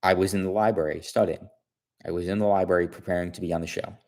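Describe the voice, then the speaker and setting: A man tells a story on his stream in a relaxed, chatty way. His voice is low and deep, and he loops back over his own words and restarts sentences as he goes. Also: fast. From Chicago area. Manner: rambling, repeats himself, many restarts. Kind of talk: casual storytelling.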